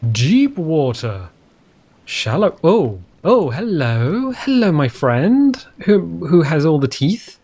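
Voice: medium pitch, big pitch swings, slow pace, hardly any pauses, darkish tone. A streamer giving casual gameplay commentary in a goofy, joking way, often talking to the creatures in the game.

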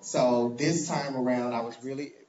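A man's voice: medium pitch, fairly even intonation, moderate pace, a little mellow. Drag performer guy chatting w fans, laughs a lot, echoey muffled room sound. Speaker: drag performer answering fan questions. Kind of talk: casual live Q&A. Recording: echoey, dull live-stream audio.

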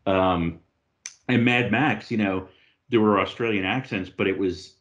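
A man's voice: lowish voice, a little slow, muffled recording. A man from the United States, a guest author on a podcast, joking and telling stories in casual chat. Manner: joking, animated storyteller.

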